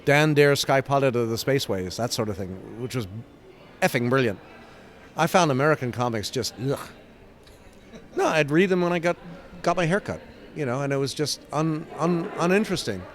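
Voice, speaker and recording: An older man from England, a comic book writer being interviewed, telling stories with lively sound effects and acted-out quotes. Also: mid-range voice, moderate pace. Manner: animated, acts out scenes with sound effects and quoted voices. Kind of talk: casual interview storytelling.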